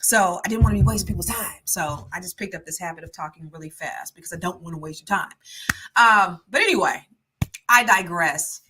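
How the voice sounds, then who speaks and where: A middle-aged woman hosting a casual livestream chat. She naturally talks fast and is consciously trying to slow herself down. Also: lowish voice, noisy background. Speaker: livestream host.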